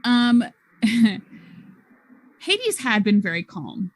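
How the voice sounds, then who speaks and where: A woman narrating a tabletop role-playing game as storyteller, setting scenes slowly and deliberately. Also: on the high side, sing-song.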